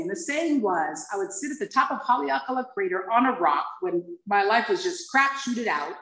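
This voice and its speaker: A woman in her fifties from Hawaii, sharing her recovery story with a group and acting out the dialogue as she tells it. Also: fairly high pitch. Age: 50s. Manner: lively storyteller acting out dialogue, laughing often. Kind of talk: personal testimony to a group. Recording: echoey room, far from the mic.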